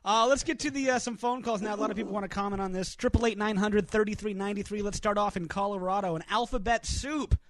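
A man's voice: high voice, steady tone. A man co-hosting a political talk radio show, talking eagerly and taking listener calls. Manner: fast, eager, takes the calls. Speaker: radio co-host.

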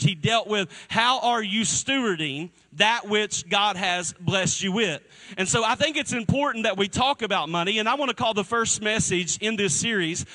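Bright-voiced energetic male pastor. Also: high-pitched, poor audio. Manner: energetic, call-and-response preaching. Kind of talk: sermon. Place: church before a congregation.

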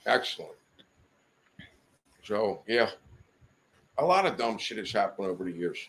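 A man's voice: lowish voice, big pitch swings, a little slow, creaky, fairly bright tone. Foul-mouthed man spinning a rambling tale. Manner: swears often, rambling, laughs mid-story. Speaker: podcast guest. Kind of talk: profane anecdotal storytelling. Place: podcast studio.

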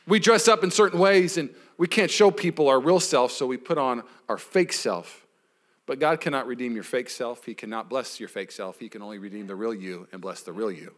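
A man's voice: fairly high pitch, fairly bright tone. A man pastor giving a sermon in a casual, conversational way, retelling a story and acting out its people. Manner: casual, conversational preaching with acted quotes.

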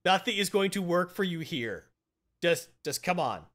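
A man's voice: high-pitched, very animated, normal speed, a bit bright, voice pushed up. An impatient male sorcerer who snaps out short, dismissive lines, voiced by a man in a casual put-on. He sounds tired of everyone around him. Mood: exasperated. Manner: curt, exasperated.

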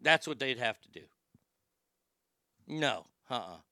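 Middle-aged male comic host, profane ranter, crisp clear tone, loud-to-muttered swings. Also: mid-range voice, expressive, slow pace, no room sound, studio quality. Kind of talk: casual comedic rant.

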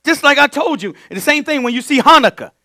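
A male pastor teaching a sermon in an animated way, dropping to quiet asides and then rising to loud, emphatic bursts. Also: very high-pitched, fast.

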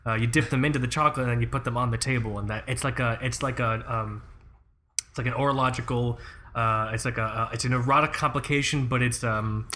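A man's voice: mid-range voice, fairly even intonation, quick pace, sharp tone. A man co-hosting a podcast in casual banter, rambling and joking at his own expense. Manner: rambling, jokey, self-deprecating. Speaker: podcast co-host.

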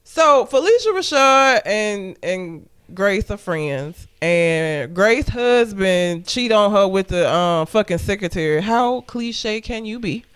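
Blunt, smooth-voiced woman recapping a movie. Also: mid-range voice, expressive, slow pace, few pauses. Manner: blunt, profane, joking. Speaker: podcast co-host. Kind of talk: casual movie recap chat.

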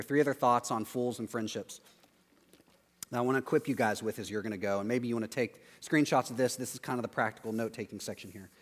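A man in his thirties, a pastor giving a conversational sermon, acting out quotes with sudden loud yelps. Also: medium pitch. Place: church auditorium. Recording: long hall reverb, faint music.

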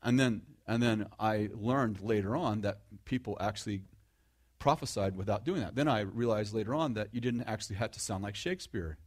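A middle-aged man preaching in a relaxed, conversational way, with a sarcastic, self-mocking humor. He restarts his sentences often and turns to the audience with questions. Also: fairly low pitch, fairly quick. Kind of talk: conversational sermon.

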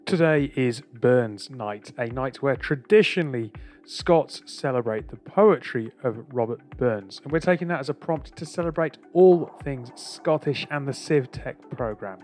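A man's voice: mid-range voice, animated, a little slow, darkish tone, soft background music. Chatty podcast host, man. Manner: chatty, jokey banter. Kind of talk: casual chat.

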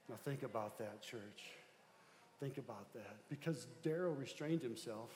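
Animated pastor preaching in echoey hall. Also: male voice, mid-range voice, normal speed, a little hiss or hum. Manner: animated, swings from loud excitement to hushed tones. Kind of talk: sermon storytelling. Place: church sanctuary.

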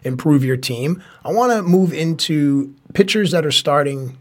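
A man hosting a casual fantasy baseball podcast, enthusiastic and quick to laugh. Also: fairly high pitch. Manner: enthusiastic, laughs often, animated. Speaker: podcast host. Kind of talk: casual sports podcast chat.

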